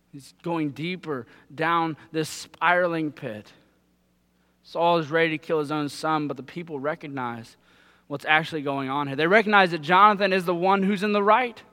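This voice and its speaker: A man's voice: high voice, bright, forceful tone, in a large hall. A man preaching a sermon, in a casual conversational way, paraphrasing scripture in folksy everyday speech. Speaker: pastor.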